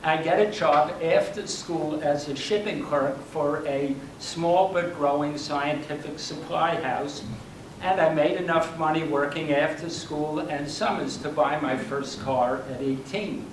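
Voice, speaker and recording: Older male storyteller, wry and self-mocking, slightly high voice, recorded from across a roomy hall with faint hum. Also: measured pace, far from the mic. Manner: wry, self-deprecating, laughs at his own punchlines. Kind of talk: personal story performed for a live audience. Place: library workshop room.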